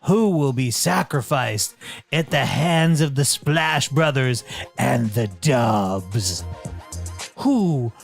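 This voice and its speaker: A man's voice: medium pitch, expressive, slow pace, gravelly, faint music behind. A man co-hosting a casual podcast, teasing his partner with sarcastic complaints. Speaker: podcast co-host.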